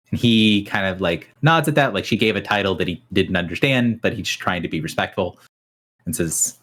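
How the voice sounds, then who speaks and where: A man's voice: sits low, expressive, normal speed, a bit bright. A man narrating a tabletop game as game master, talking casually with frequent fillers. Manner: casual, hesitant, many fillers.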